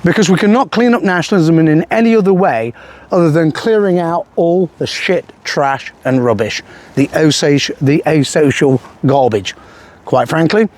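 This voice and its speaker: An older man from England ranting through a political monologue, aggressive, profane and threatening, with halting restarts. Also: on the high side, a little mellow. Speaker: political commentator.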